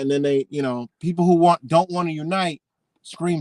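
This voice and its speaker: A man's voice: on the high side, normal speed, darkish tone, no room sound. A man hosting a live stream, ranting in a heated, rambling way with a lot of profanity. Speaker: livestream host. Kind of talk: unscripted live-stream rant.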